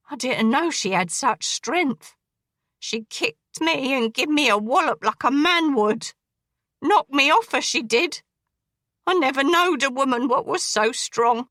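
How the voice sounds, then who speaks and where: A woman voicing a menacing crippled male dressmaker who killed women, speaking slowly in a coarse dialect. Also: high voice, bright, forceful tone, no echo, clean studio sound, full character voice. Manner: slow, brooding, coarse dialect.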